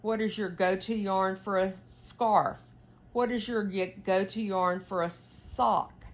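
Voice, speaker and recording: Slow-talking chatty woman knitting. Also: mid-range voice. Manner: chatty, many fillers, asks viewers questions. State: yawning, tired. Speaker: knitting vlogger. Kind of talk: casual chat while knitting.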